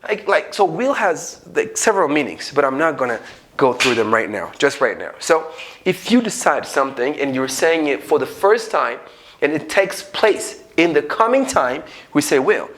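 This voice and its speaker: A man with an Ethiopian accent teaching an unscripted English grammar lesson, acting out little everyday dialogues as he explains. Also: fairly high pitch. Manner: animated, acts out little dialogues.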